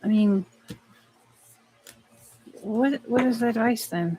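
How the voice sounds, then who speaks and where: A woman's voice: medium pitch, moderate pace, long pauses, darkish tone, a little hiss or hum. Blunt, swearing woman reading tarot cards. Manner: blunt, profane, talks to the cards and to herself. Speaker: tarot card reader. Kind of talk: live tarot reading, casual chat.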